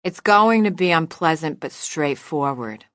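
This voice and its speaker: A woman reading the part of a calm, practical woman who keeps her friend grounded, in a quiet measured way. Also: sits low, no room sound, clean studio sound. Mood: serious. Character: steady grown woman, a priestess's loyal friend.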